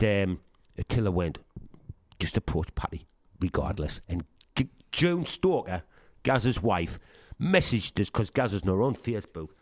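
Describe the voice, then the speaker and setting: A middle-aged man with a Northeast English Sunderland accent, a punk singer telling lively anecdotes in a casual interview, acting out quoted dialogue and swearing freely. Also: low voice, no echo. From Sunderland, England. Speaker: punk band singer, guest.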